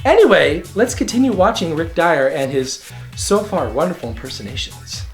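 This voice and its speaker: A man's voice: fairly high pitch, very animated, moderate pace, soft background music. A man hosting a comedic video commentary show, talking in a sassy, catty, campy way. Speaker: show host.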